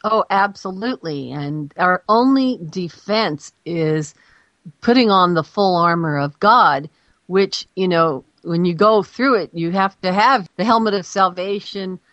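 A woman's voice: fairly low pitch, measured pace, a bit bright, no echo. Earnest woman guest, dry and lo-fi. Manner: earnest, explanatory. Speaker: guest, Christian journalist. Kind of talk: radio interview. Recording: dry, dull lo-fi audio.

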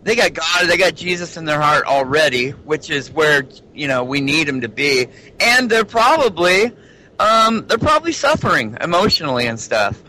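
A man guest in casual chat who has a lisp on his S and TH sounds because he speaks without teeth, excitable, calling people "baby". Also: fairly high pitch, moderate pace, a little hiss or hum, rough recording. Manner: excitable, calls others "baby".

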